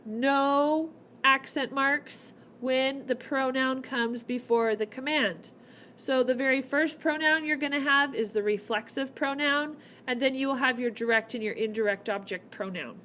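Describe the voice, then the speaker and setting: Chatty high-voiced woman teaching. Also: a little slow, bright, forceful tone, a little hiss or hum. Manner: chatty, explains step by step. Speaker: Spanish teacher. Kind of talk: recorded whiteboard lesson. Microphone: laptop mic.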